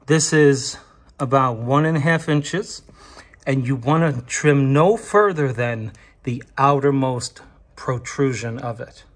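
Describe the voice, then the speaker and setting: A man of middle pitch hosts his own wallpaper channel, teaching a trade job one step at a time. He speaks slowly and patiently, encouraging the viewer as if they have never tried it before. The tutorial is recorded indoors in a client's home studio. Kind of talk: how-to tutorial narration.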